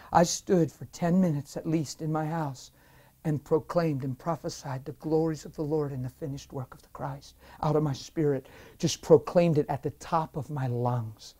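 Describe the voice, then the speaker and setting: A man, a preacher, telling his testimony in an interview with emphatic, excitable storytelling. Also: a little high, normal speed, husky.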